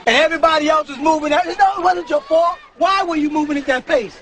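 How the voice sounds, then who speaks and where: A man preaching to a live congregation, emphatic and often breaking into shouts, with chuckles at his own points. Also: extremely high pitch, fairly even intonation, quick pace, some chatter behind. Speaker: religious teacher addressing a congregation. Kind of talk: live sermon-style lecture. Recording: live talk with audience murmurs.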